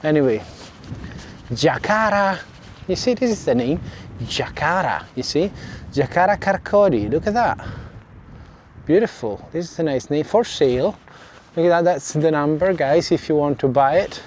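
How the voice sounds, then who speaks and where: A man's voice: on the high side, lively intonation, normal speed, darkish tone, a little hiss or hum. Chatty Italian-accented man vlogging outdoors. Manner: chatty, self-correcting, apologetic asides to viewers. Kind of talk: casual walking vlog. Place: outdoors by a seaside village harbour and beach. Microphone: clip mic under a jacket.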